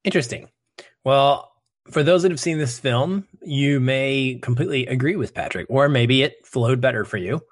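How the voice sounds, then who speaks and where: A man's voice: medium pitch, moderate pace, no echo, studio quality. A man co-hosting a podcast, giving an earnest, emphatic film review in casual chat. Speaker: podcast co-host.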